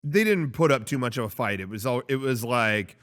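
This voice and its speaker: A man's voice: medium pitch, animated, brisk, fairly bright tone. A man co-hosting a casual chat show, rambling with lots of fillers and restarts. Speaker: podcast co-host.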